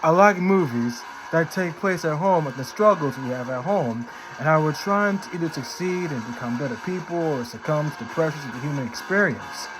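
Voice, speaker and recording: A man's voice: on the high side, expressive, normal speed, hardly any pauses, background noise, lightly acted. A man doing a quirky drawling movie-star impression. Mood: quirky, wry. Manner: drawling, offbeat celebrity impression read from quotes. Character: impression of a famous male movie actor. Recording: clear background music.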